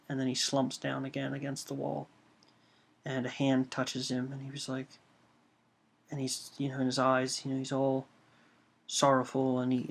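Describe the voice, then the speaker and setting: A man pitching a storyboard, walking through the scenes hesitantly with many fillers. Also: gravelly. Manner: hesitant, full of "um" and "you know".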